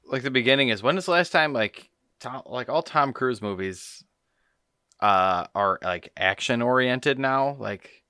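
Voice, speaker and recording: Male podcast co-host, wry and smooth-voiced. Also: mid-range voice, unhurried, bright, forceful tone, no room sound, studio quality. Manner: wry, jokey asides. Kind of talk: casual chat.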